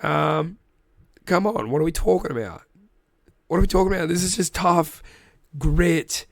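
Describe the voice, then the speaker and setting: An Australian man hosts a casual sports recap podcast, rambling and joking with plenty of swearing. His voice sits slightly high for a man. The sound is close and dry. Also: moderate pace, gravelly, dry recording. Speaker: podcast host.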